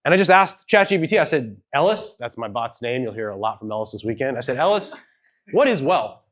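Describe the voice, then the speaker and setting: Speaking fast with lively intonation, a man with children gives a storytelling keynote before an audience in an event hall. His mid-range voice is a bit bright, and he tells his personal story conversationally, hedging and acting out quoted dialogue.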